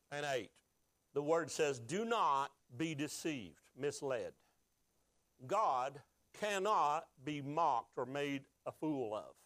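Emotional preaching pastor, slightly high voice. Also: male voice, dry recording. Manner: emotional, call-and-response preaching. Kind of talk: sermon.

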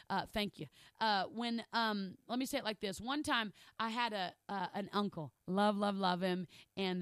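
A woman's voice: medium pitch, fairly bright tone, clean tone, dry recording. A woman preaching a sermon in a conversational, emphatic way, often checking in with her listeners.

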